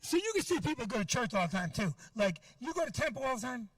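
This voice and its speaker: A man's voice: very high-pitched, very animated, fast, no echo, far from the mic. A middle-aged man doing a stand-up set, ranting in a brash, profane way at the crowd. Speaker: stand-up comedian.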